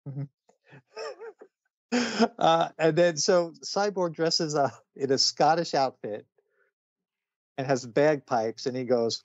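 A man's voice: fairly high pitch, takes it slowly, long pauses, dry recording, lo-fi sound. A man casually retelling a comic book story on a podcast, chatty, with many fillers and frequent laughs. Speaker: podcast co-host.

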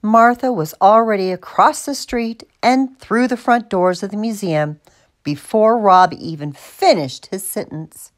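A woman reading a children's picture book aloud in an expressive, deliberate manner. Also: medium pitch. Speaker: storybook reader.

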